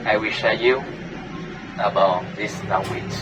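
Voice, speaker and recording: A man with a Vietnamese accent, a tour guide explaining things to tourists in halting English full of "uh" fillers, inside a tour bus. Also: lowish voice, fairly even intonation, noisy background. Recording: from a distance on a bus, music behind.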